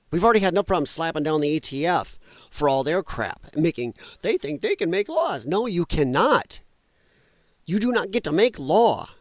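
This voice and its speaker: Fired-up guy ranting on his stream, cusses, pitch swinging all over, kinda high voice, dry close sound. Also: fairly bright tone, no echo. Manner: angry, blunt, profane, ranting. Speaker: livestream host. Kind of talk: heated political livestream rant. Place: at his computer while streaming.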